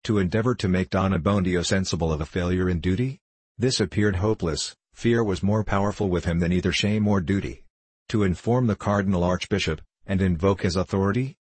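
A man narrating a classic novel in a measured, formal reading voice. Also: low-pitched, a little mellow, husky, no room sound. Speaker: audiobook narrator.

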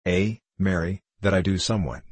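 A man's voice: low-pitched, steady tone, normal speed, breathy edge, dry recording. A man reading a storybook, voicing a witty, jovial young male outlaw who teases in archaic speech. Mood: jesting.

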